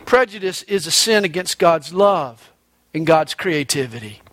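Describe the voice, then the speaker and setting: A man with a slightly high, fairly bright voice preaches a sermon as pastor, a little slowly yet animated. He is emphatic, tells stories, quotes scripture, and acts out a joke with distinct voices, recorded dry.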